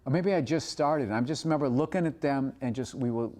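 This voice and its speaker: Animated, swearing man telling stories. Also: medium pitch, fairly quick. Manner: animated storyteller, heavy swearing, acts out quotes. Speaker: stand-up comedian. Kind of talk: casual chat.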